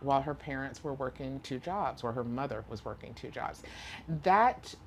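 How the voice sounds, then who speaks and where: Very low-voiced woman, earnest storyteller. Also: animated, normal speed, a little hiss or hum. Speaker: guest, author and former teacher. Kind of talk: conversational interview answers.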